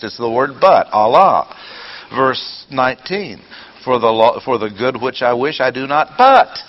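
An older man giving a teaching sermon. He fires off rhetorical questions, bursts into emphasis and drops dry, sarcastic asides. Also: mid-range voice. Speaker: preacher or Bible teacher. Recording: dull lo-fi audio with faint noise.

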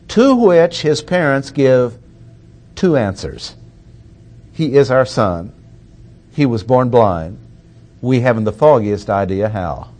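A man preaching an expository sermon, reading verses aloud and repeating key points with deliberate emphasis. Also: medium pitch, a little mellow.

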